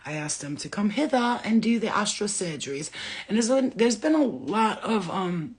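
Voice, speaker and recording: Husky, rambling woman giving a reading. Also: mid-range voice, animated, moderate pace. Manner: rambling, swears freely, laughs often. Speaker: spiritual reader. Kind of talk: casual livestream reading.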